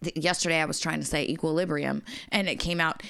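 A woman's voice: low voice, steady tone, quick pace, vocal fry, fairly bright tone, no echo, clean studio sound. A woman in her thirties co-hosting a podcast, chatting casually, blunt and laid-back, swearing often. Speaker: podcast co-host. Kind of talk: casual chat.

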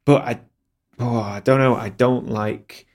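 A man's voice: mid-range voice, fairly even intonation, a little slow, darkish tone. A man who works as a landscape photographer and video creator, talking in a casual interview in a hesitant, candid way with many restarts.

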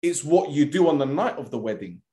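Male podcast co-host, playful storyteller, raised pitch, animated. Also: brisk, reverberant. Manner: joking, animated storyteller who slips into mock voices. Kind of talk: casual football podcast chat.

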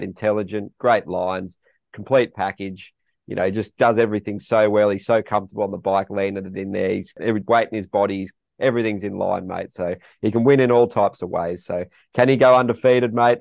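A man's voice: lowish voice, vocal fry, a little mellow, dry recording, clean studio sound. An Australian man co-hosting a casual podcast chat, matey and throwing questions to his co-host.

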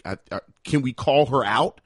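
A man co-hosting a podcast in casual chat, playful and quick to tease and banter. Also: mid-range voice. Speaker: podcast co-host.

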